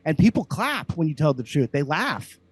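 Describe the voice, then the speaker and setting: A man's voice: on the high side, sing-song, normal speed, slightly rough, no echo. A man from Louisiana, a comedian hosting a podcast, ranting heatedly and profanely in casual talk.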